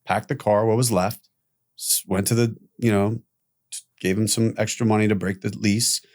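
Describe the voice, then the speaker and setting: A man's voice: on the low side, normal speed. Middle-aged guy telling his story straight up, blunt, cusses a lot, gets worked up. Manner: blunt, animated, swearing freely. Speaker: guest. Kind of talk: candid personal storytelling.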